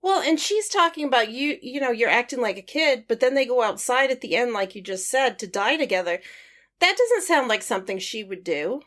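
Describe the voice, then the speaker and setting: A woman's voice: on the high side, lively intonation, a little fast, a bit bright. A woman co-hosting a movie podcast in casual chat, often giving short agreeing replies and laughing along. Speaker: podcast co-host.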